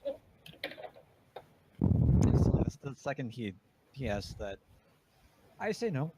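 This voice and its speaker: A man playing a tabletop game, talking excitedly and tripping over his words. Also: medium pitch, takes it slowly, very noisy. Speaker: player. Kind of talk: casual chat at a tabletop game.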